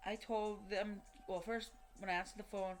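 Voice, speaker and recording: A woman's voice: medium pitch, little pitch movement, normal speed. Woman telling a story with lots of cursing. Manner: rambling and heavily profane, with many fillers and restarts; re-enacts what people said in quoted dialogue. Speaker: vlogger telling a personal story. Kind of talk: casual spoken storytelling.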